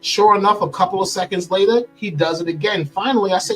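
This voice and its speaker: Brief: husky middle-aged male guest, animated storyteller, slightly high voice, faint music underneath. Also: fast, hardly any pauses, low-quality recording. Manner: animated storyteller acting out quoted lines. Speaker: interview guest. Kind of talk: telling a personal story in an interview.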